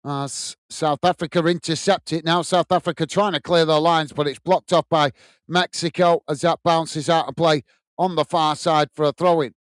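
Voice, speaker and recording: A man from the UK hosting a live football watch-along, calling the play and warmly greeting viewers by reading their chat messages aloud. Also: a little high, steady tone, normal speed, no room sound. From United Kingdom. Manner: friendly, reads viewer comments aloud and greets them.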